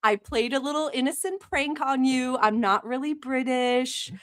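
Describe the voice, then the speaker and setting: High, bright-voiced woman streamer. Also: moderate pace, no echo, clean studio sound. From Middle East. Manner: playful, gushing greetings. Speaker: livestream host. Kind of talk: live stream chat.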